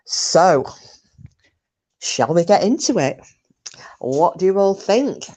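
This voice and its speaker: A woman hosts a relaxed livestream chat, taking her time over each word. She is giggly and chatty and pokes fun at herself as she reads out the viewers' messages. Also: fairly low pitch, slow. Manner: giggly, chatty and self-mocking. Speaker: livestream host.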